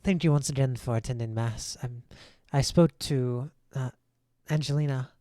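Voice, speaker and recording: A man plays a courteous churchgoer in a tabletop role-play, choosing words slowly and formally, with the odd pause. The voice sits at an ordinary middle pitch. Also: dark tone, no room sound, clean studio sound, close to an everyday voice. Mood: polite. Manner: formal, hesitant, halting.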